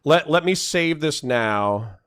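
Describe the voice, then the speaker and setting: A man chatting casually on a livestream, addressing his viewers directly and cursing freely. His speech is slow and drawn out, with a lively pitch that swings wide as he keeps cracking up with laughter. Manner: giggly, profane, breaks into laughter often; talks to his chat audience directly. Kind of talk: casual livestream reaction chat.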